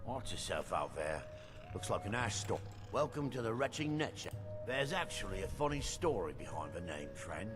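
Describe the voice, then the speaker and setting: An actor playing a gruff male innkeeper in a game, telling a tall tale with animated delivery. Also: fairly low pitch, moderate pace, over music. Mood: warning. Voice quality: animated storyteller. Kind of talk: game dialogue.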